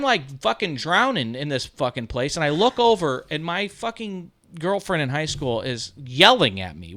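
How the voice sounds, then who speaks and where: A man's voice: fairly high pitch, big pitch swings, moderate pace, few pauses, bright, forceful tone. Profane, laughing storyteller man in his thirties. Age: 30s. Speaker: podcast host. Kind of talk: casual storytelling chat.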